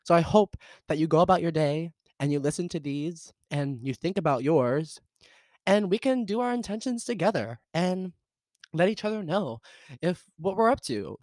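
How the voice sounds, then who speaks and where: A young man in his twenties with a Southern US accent hosts a casual solo podcast, rambling in an upbeat way with lots of fillers, laughs and theatrical jumps in pitch. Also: expressive, moderate pace, darkish tone, no echo. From American South. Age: 20s. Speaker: podcast host.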